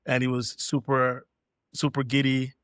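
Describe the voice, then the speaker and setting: A middle-aged man from Canada tells a relaxed story as a podcast guest and slips into quoted dialogue along the way. His pitch stays level and sits in a middle register. The sound is close and dry, with no room around it. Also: unhurried, clean tone, no echo. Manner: relaxed anecdote-telling, acting out quoted dialogue. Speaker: guest, DJ and producer. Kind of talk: casual storytelling in a podcast interview.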